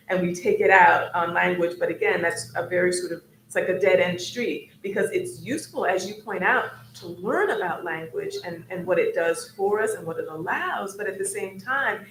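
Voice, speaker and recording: A woman's voice: fairly low pitch, fairly bright tone. A woman speaking as an academic on a discussion panel, thoughtful and searching, with frequent ums as she works through her ideas. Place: event hall. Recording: roomy hall with faint noise.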